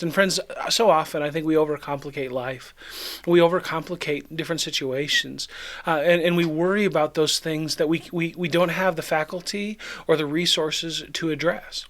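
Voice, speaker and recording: A man's voice: a little high, fairly even intonation, moderate pace, fairly bright tone. A male pastor giving a conversational daily devotional, reading scripture aloud and explaining it. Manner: conversational, reads scripture then acts out the disciples. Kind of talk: devotional Bible teaching.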